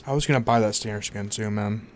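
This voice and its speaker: A man's voice: lowish voice, fairly even intonation, quick pace, a little hiss or hum. A man streaming a team shooter game, chatting casually and jokingly with his teammates over a headset. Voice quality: laid-back, joking manner. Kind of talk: casual gaming chat with teammates.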